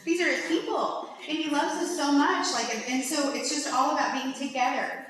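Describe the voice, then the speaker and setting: A woman's voice: high voice, moderate pace. Chatty woman speaker in an echoey hall. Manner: animated, chatty, many "like"s. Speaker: conference speaker. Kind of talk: faith-based conference talk. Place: large lecture hall. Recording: echoey hall from far off, faint hiss.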